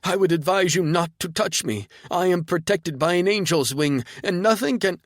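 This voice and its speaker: A man voicing a frantic young woman spy who is high on pills, squeaky and wheezing in an audiobook. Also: normal speed, dry recording, clean studio sound. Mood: hysterical.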